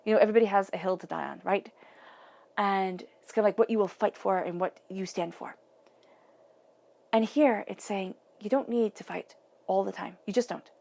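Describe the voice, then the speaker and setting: A woman's voice: medium pitch, normal speed, gravelly, darkish tone. A woman giving a tarot reading, talking earnestly and directly to the viewer in a casual, conversational way. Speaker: tarot reader.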